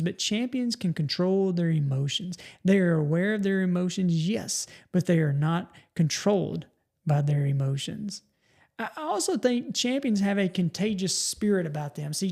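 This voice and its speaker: A man's voice: high-pitched, creaky, darkish tone. A middle-aged man, hosting a podcast and giving a folksy motivational talk, often restarting his words. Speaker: podcast host.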